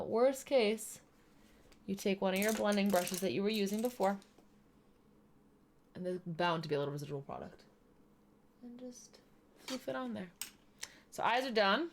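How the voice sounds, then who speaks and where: A woman chatting casually while she does her makeup, explaining each step as she goes. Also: medium pitch. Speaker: streamer doing makeup. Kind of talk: casual makeup tutorial chat.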